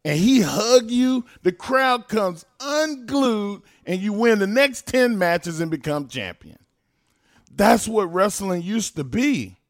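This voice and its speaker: A man co-hosting a casual talk show who gets fired up and bursts into loud, animated rants. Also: high-pitched, slow, dry recording, clean studio sound. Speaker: podcast co-host. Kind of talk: casual chat.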